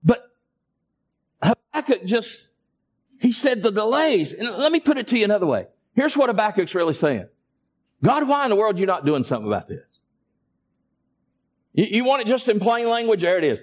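A man's voice: high voice, sing-song, normal speed, long pauses. A man preaching a sermon and calling for responses from his congregation. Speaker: pastor.

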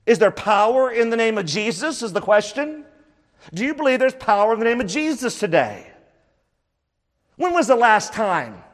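A man's voice: very high-pitched, sing-song, normal speed, in a large hall. A man preaching a sermon, emphatic and full of rhetorical questions, repeating phrases for stress.

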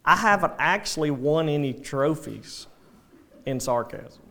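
A male pastor preaching a sermon, animated, with dry sarcastic asides. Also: a little high, measured pace.

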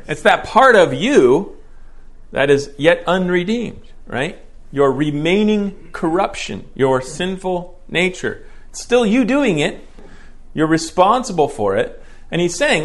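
A man's voice: a little high, lively intonation, unhurried, fairly bright tone. Man teaching a Bible lecture. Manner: explanatory, keeps checking in with "right?".

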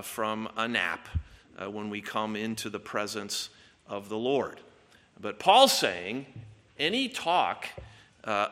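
Bright-voiced man preaching in a reverberant hall. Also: mid-range voice. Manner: earnest, emphatic preaching with repeated words. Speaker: pastor. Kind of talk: expository sermon.

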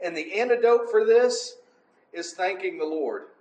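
A man's voice: high voice, unhurried, darkish tone. A man preaching in a conversational Bible teaching style, emphatic and often asking for agreement. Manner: emphatic, asks for agreement with "right?" and "amen?". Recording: roomy echo.

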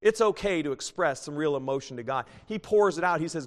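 A man in his thirties preaching a sermon as pastor, swinging between fervent, rising bursts and hushed, tender pleas. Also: a little high, lively intonation, fairly quick, few pauses. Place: church sanctuary. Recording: long church reverb.

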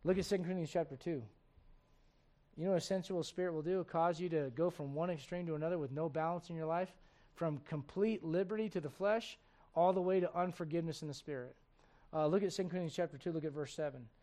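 High-voiced man preaching with rhetorical questions. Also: steady tone, fast. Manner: swings between loud preaching and low, quiet asides. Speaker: pastor. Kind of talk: sermon.

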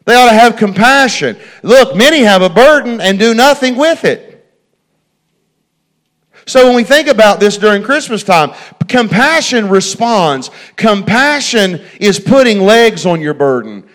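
A man's voice: high voice, animated, measured pace, fairly bright tone. A middle-aged man preaching a folksy sermon, repeating phrases and talking straight to his congregation. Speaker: pastor.

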